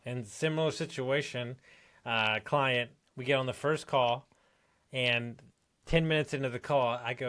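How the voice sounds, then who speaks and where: A man's voice: medium pitch, moderate pace, a bit bright, no room sound. A male podcast host and life coach with an ordinary mid-range voice. He speaks plainly and bluntly, saying exactly what he thinks and swearing without hesitation. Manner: blunt, direct, swears casually. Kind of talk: conversational podcast talk.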